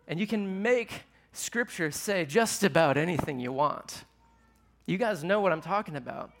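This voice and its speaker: A man's voice: sits high, expressive, normal speed, fairly bright tone, slight background noise. A man preaching a sermon to a live audience in a conversational way, asking them questions as he teaches. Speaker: pastor.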